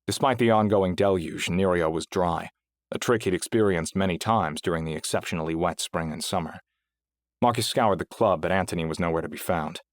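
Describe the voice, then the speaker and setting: A man with a notably deep voice reads a novel aloud in steady, even scripted narration. He is recorded close on a dry booth mic with no room sound. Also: fairly quick, no room sound. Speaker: audiobook narrator.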